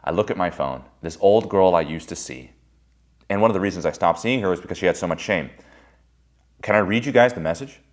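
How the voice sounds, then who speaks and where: A man telling personal stories in a candid monologue. He talks bluntly and swears freely, swinging between loud bursts and quiet musing. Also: low-pitched, lively intonation, fairly quick. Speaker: speaker giving a personal-growth monologue.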